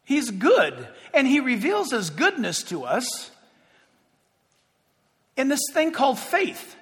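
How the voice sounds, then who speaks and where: A man preaching with a high, bright-pitched voice that swoops up and down all the time. He is animated and playful, slipping into quick jokes and acted-out exchanges. His voice rings out with the long echo of a large hall. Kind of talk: sermon.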